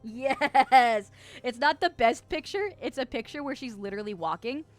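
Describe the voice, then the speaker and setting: A young woman in her twenties streaming, talking casually to her chat. Her voice is fairly high and very lively, jumping up and down in pitch. She giggles often and gets excited easily. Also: normal speed, no echo, faint music behind. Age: 20s.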